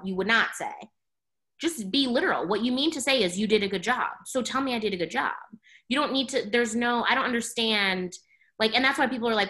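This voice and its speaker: A woman talking in a casual podcast chat, blunt and animated, saying "like" a lot and swearing freely. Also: fairly high pitch, fast talker.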